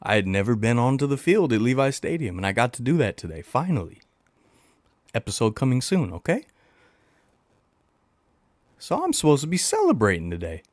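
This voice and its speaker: In a playful, animated livestream chat, the host blows kisses into the mic, says lines twice for emphasis and refers to himself in the third person. He talks a little fast at medium pitch, with long pauses and no room sound.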